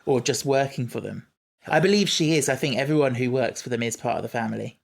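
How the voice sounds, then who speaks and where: Gravelly man chatting casually. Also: mid-range voice, fast talker. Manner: chatty, thoughtful, hesitant with fillers. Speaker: podcast co-host. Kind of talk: casual chat reviewing a TV series.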